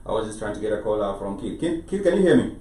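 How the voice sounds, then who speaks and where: A man's voice: lowish voice, sing-song, fast talker, dark tone. A man who is DJ and host of a casual talk show, speaking hesitantly with many fillers. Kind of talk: casual radio chat. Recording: echoey, distant.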